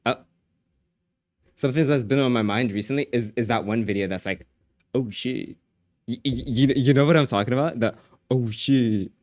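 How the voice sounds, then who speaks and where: Excitable male streamer, dry close sound. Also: medium pitch, fast talker, no room sound. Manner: excitable, repeats phrases, laughs often. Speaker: livestreamer. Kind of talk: casual chat with viewers.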